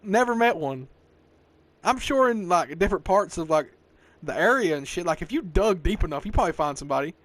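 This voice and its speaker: A man in his twenties with a thick Southern US accent hosts a casual podcast. He rambles and swears freely, tossing in "bro" and "dog" constantly. His voice runs a bit high for a man. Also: expressive, fairly quick, fairly bright tone, no echo. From American South. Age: 20s. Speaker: podcast host. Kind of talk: casual chat.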